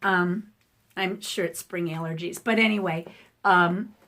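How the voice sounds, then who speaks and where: Hoarse, emotional middle-aged woman vlogging. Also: fairly low pitch, steady tone, measured pace, a bit bright. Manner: emotional, rambling, frequent ums and restarts. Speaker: art channel host. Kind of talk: casual personal vlog talk. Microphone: camera facing the speaker.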